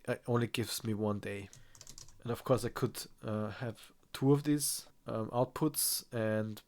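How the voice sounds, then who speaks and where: Man, nasal from a cold, mid pitch, walks through a software tutorial, halting and thinking aloud. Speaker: course instructor. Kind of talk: screen-recorded software tutorial.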